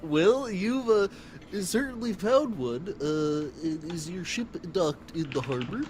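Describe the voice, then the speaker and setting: A man's voice: high-pitched, expressive, slow pace, a little mellow, slight background noise, voice pushed up. A man voicing a short, round, fussy little male shipwright who talks formally and falters. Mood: eager. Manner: flustered, hesitant, formal.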